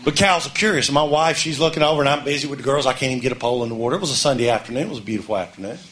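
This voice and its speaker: A middle-aged man from Mississippi, telling a folksy comic story on stage and shouting his punchlines. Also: mid-range voice, very fast. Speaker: comedian. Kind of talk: storytelling stand-up.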